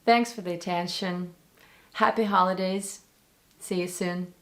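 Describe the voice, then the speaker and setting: A woman from Russia, a native speaker of Russian, talking in English with a Russian accent as she casually breaks down actors' accents for her viewers in an animated, direct way. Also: lowish voice, a little slow. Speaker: language and accent teacher. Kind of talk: casual commentary on film accents.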